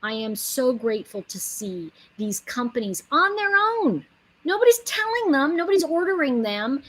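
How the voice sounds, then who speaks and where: A woman's voice: high-pitched, sing-song, moderate pace, rough recording. A woman giving a casual motivational monologue, earnest and emphatic, rambling with many asides. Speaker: inspirational speaker.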